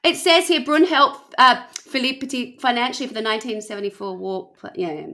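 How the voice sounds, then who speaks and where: A woman hosting a podcast, telling a story in casual chat with animated, laughing delivery. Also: on the high side, brisk.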